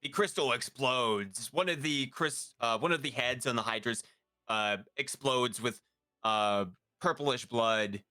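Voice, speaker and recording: Man, game master, playful narration, slow pace, dry close sound. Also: mid-range voice, sharp tone, no room sound. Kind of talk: running a tabletop game.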